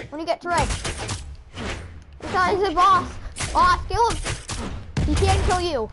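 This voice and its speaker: Excitable high-voiced woman gaming. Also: measured pace, long pauses, music in the background. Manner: excitable, chatty, laughs often. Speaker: gamer. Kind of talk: casual gaming commentary.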